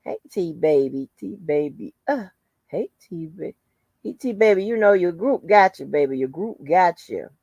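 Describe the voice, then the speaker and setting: A woman's voice: on the low side, animated, moderate pace, dark tone, no room sound, muffled recording. Blunt, profane woman chatting on a live stream. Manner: greets viewers by name, blunt and profane. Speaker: channel host. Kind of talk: casual live-stream chat.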